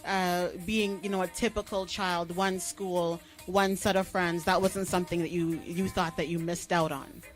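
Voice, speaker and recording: A woman hosting a radio interview, asking questions in a measured way and repeating words of praise. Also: lowish voice, level tone, faint music behind, poor audio. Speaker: radio host.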